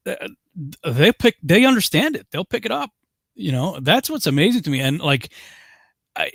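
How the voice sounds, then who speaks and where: A man's voice: on the high side, a bit bright, dry recording, studio quality. A middle-aged man hosting an online Bible study, telling stories animatedly and laughing often over a video call. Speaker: host.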